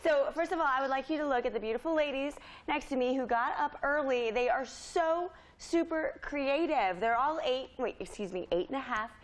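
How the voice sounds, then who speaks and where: A woman's voice: high voice, moderate pace, hardly any pauses. A woman TV field reporter, enthusiastic and chatty, reporting live from a pottery studio.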